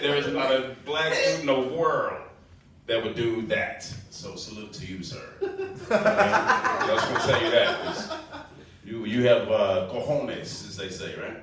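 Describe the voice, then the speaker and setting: A man's voice: mid-range voice, animated, moderate pace. A man doing a loose, crowd-baiting stand-up set at an open mic, often laughing at his own jokes. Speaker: stand-up comic. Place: small comedy club. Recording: echoey room from far off, faint hiss.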